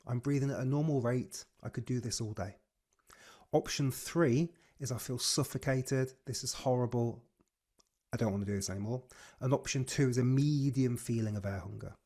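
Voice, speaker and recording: A man leading a guided breathing class on a video call, giving slow, soothing cues. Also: mid-range voice, mellow. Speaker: breathwork coach.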